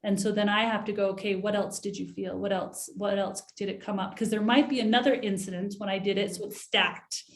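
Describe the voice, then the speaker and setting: A woman guest on a podcast explains a coaching method. She acts out both sides of an exchange in a soft, even voice. Her voice sounds in a roomy, echoing space. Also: mid-range voice, fairly quick, few pauses. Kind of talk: podcast interview, coaching advice.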